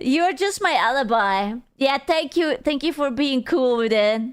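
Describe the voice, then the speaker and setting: A woman's voice: high voice, very animated, takes it slowly. A young woman streaming, chatting casually and playfully, teasing and swearing often. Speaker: VTuber streamer. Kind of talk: casual livestream chat.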